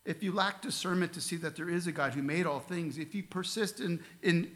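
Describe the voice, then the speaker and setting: A man's voice: on the high side, fairly quick, a bit bright. A male pastor preaching a sermon in a church, reading scripture aloud and asking the congregation earnest questions. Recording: long reverb of a large hall.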